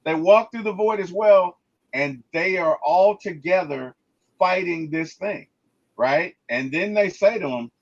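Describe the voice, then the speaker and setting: A man gives a casual movie review in an emphatic way, often stammering and restarting as he retells what happens on screen. His voice sits a little high for a man. The recording is dull and lo-fi. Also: unhurried.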